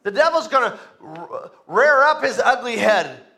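A man's voice: very high voice, very animated, measured pace, sharp tone. A male pastor preaching a sermon, with emphatic repetition and call-and-response to the congregation.

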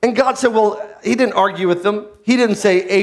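Speaking at a normal pace with few pauses, this preacher swings from soft, low passages to shouted ones. At points the congregation echoes his phrases after him.

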